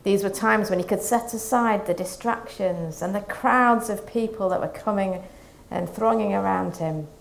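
A woman preaching a Lent sermon, reading scripture and reflecting in a calm, measured way. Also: medium pitch, creaky.

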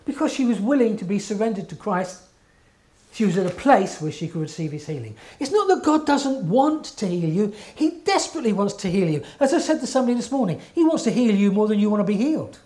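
A man's voice: high voice, sing-song, quick pace, darkish tone. A man preaching a sermon in an earnest, emphatic way, often checking in with his listeners.

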